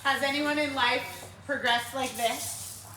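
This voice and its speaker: A woman fitness coach talking to a group in a lively way, asking them questions and acting out her clients. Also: sits high, slow pace, far from the mic. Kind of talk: group workshop talk. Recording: roomy, from across the room, faint noise.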